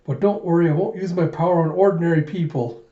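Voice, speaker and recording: Man doing a keen young warrior, pitched up and louder; mellow, roomy sound. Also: fast talker, lightly acted. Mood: eager. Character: young dragon warrior, eager and earnest. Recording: dull, roomy home recording.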